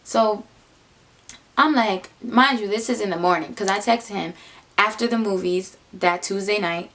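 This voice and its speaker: A young woman telling a casual personal story, animated, dropping into low muttered asides. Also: unhurried. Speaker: vlogger.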